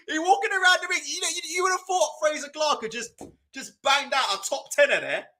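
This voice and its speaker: A man's voice: very high voice, bright, forceful tone. A man hosting a live boxing watch-along, commentating in a casual, mocking, profane way. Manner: mocking, laughing, loose and profane.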